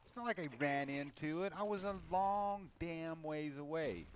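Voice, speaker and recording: A man with a slightly high voice and normal speed rants profanely and in frustration while casually commentating his own video game play. Loud game gunfire and clicks play behind him, with a little hiss or hum.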